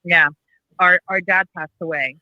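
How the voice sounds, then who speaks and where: A woman's voice: lowish voice, fairly even intonation, measured pace, bright, forceful tone, no echo, lo-fi sound. A woman co-hosting a podcast, telling a family story casually and restarting her sentences often. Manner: rambling, with frequent restarts and self-corrections. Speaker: podcast co-host.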